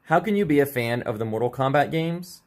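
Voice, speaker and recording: A man co-hosting a stream, commenting casually and reading forum posts aloud with quick asides. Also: medium pitch. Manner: animated, quick, reads quotes in asides. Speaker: streamer co-host.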